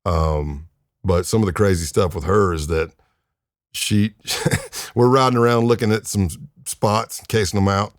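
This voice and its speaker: A man's voice: fairly low pitch, steady tone, a little slow, no echo, studio quality. A middle-aged man, a retired undercover agent, telling crime stories in a casual, laid-back way, with lots of fillers and chuckles. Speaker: retired FBI undercover agent, podcast guest. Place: podcast studio.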